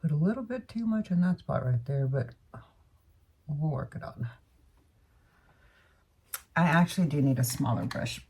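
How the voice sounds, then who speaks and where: Woman, low husky voice, rambling makeup-tutorial chatter, self-correcting asides. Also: warm tone, distant mic. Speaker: beauty vlogger. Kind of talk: casual makeup tutorial chat.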